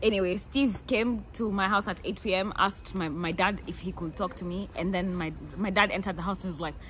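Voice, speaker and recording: A Kenyan woman in her twenties, telling stories in a lively, playful way and acting out the people she quotes. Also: mid-range voice, brisk, slight background noise. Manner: animated, playful, laughs often, acts out quotes. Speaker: vlogger. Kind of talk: casual storytelling.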